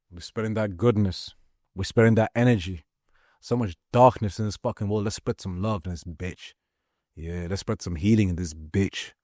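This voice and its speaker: Low-voiced man giving profane pep talk. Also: darkish tone, no room sound, studio quality. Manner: profane, repetitive, emphatic. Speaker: motivational speaker. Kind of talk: impassioned spiritual pep talk.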